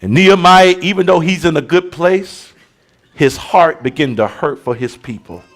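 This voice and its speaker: Gravelly, fiery preacher man. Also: fairly high pitch, moderate pace, faint music behind. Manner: shouting, rhythmic preaching with colloquial asides. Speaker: bishop preaching. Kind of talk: sermon.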